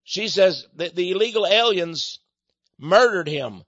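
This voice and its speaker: A man delivering an impassioned monologue, indignant, with loud angry outbursts. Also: high-pitched, moderate pace, no room sound. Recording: dry, dull lo-fi recording.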